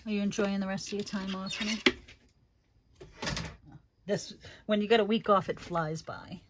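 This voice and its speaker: A woman's voice: mid-range voice, steady tone, moderate pace, noisy background. A middle-aged woman hosting a crafting livestream, chatting casually and fondly, calling viewers honey and rambling with many fillers.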